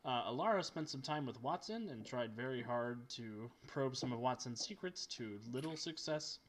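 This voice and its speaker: A man's voice: mid-range voice, expressive, moderate pace. A man serving as game master, upbeat and teasing as he recaps the last session of a tabletop game.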